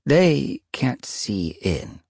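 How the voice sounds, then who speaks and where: A man lifts his voice to play an ancient she-cat from a storybook, thin and cracked, speaking with calm, knowing wisdom. The pitch rises high above his own deep voice, and the recording stays dry. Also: drawn-out words, gravelly, dry recording, heavily acted. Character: ancient wise she-cat, tribe leader.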